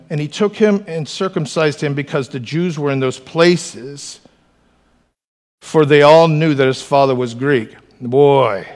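A man preaching to his church in an animated way, with joking asides and calls for the congregation to respond. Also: a little high. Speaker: pastor. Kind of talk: sermon.

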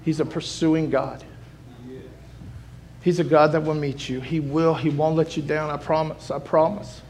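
A man preaching a sermon as pastor, moving from soft pleading to loud shouting and repeating phrases for emphasis. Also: a little high, level tone, a little slow, slight background noise. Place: church sanctuary.

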